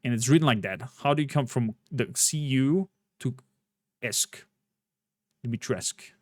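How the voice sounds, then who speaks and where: A man's voice: medium pitch, no echo. Chatty male streamer, dry sound. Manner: rambling, chatty, with frequent fillers. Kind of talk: casual gameplay commentary. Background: faint game music.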